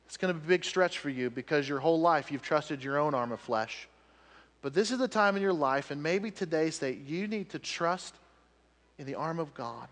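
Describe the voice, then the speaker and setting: A male pastor preaches with animated storytelling, then drops to soft, earnest appeals. His voice sits a little high for a man. It carries the long, rolling echo of a large hall. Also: normal speed. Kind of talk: sermon.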